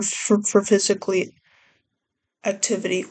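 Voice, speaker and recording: A woman's voice: mid-range voice, flat delivery, moderate pace, a little mellow. A young woman vlogger rambling casually, often trailing off and restarting her thoughts. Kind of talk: casual chat.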